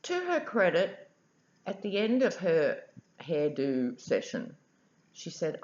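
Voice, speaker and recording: A woman's voice: fairly low pitch, huge pitch swings, slow pace, a little mellow, echoey room. A woman, a tarot reader, chatting wryly in a casual vlog. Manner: wry and chatty. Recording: dull lo-fi audio.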